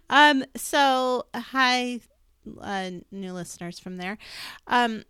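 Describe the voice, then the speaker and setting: A woman's voice: mid-range voice, a bit bright, clear, resonant tone, dry recording, studio quality. A woman co-hosting a podcast in casual, upbeat chat, laughing now and then. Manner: chatty, upbeat, laughs often. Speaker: podcast co-host, healer.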